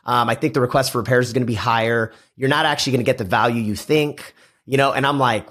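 Husky-voiced man telling animated stories. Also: mid-range voice, quick pace. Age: middle-aged. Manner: animated storyteller, acts out quoted dialogue. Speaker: guest, house flipper. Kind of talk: casual podcast interview.

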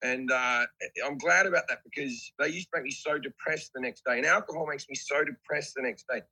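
Man, Australian accent, 40s, bright tense voice, laid-back, self-mocking, video call. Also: medium pitch, brisk, breathy edge, rough recording. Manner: laid-back, self-deprecating, swears casually. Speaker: comedian guest. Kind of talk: casual podcast chat.

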